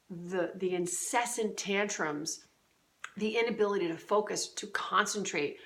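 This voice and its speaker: Middle-aged woman, parenting coach, lowish voice, earnest conversational advice with plenty of ums. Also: a bit bright. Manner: earnest, conversational, many fillers and restarts. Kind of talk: direct-to-camera advice talk.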